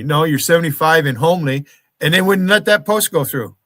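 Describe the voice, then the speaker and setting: Man, livestream host, angry profane rant, higher-pitched voice, dry close sound. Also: a little fast, fairly bright tone, dry recording. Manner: profane, confrontational, calls out viewers by name.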